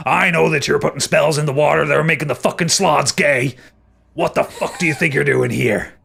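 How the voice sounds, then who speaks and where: A man's voice: lowish voice, moderate pace, gravelly, bright, forceful tone, husky, heavily acted. A man voicing a stubborn, bigoted male lord who rants coarsely. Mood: ranting. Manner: ranting, coarse.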